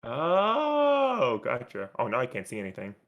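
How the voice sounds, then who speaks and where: A man playing in an online tabletop game, talking in a relaxed, slangy way over voice chat. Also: medium pitch, measured pace, muffled recording. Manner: relaxed, slangy, unsure of the tools. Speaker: player.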